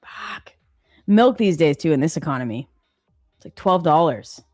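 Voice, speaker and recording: Low-voiced chatty woman streamer. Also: animated, normal speed, darkish tone, dry recording, clean studio sound, soft background music. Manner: chatty, laughs often, filler-heavy. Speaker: livestream host. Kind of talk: casual live-stream chat reading comments.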